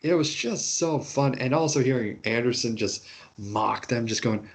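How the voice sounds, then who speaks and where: A man co-hosting a casual wrestling chat, animated and acting out quotes. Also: mid-range voice, normal speed. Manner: animated, acts out quotes in raised voices. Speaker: podcast co-host.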